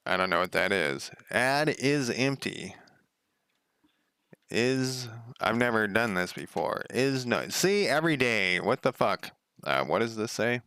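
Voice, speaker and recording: A young man talks through his coding work at an unhurried pace, with a low, gravelly voice. His tone is bright and clear, and the sound is dry and close. He mutters to himself and drops wry asides. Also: animated, no room sound. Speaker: game developer streaming. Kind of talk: thinking aloud while coding.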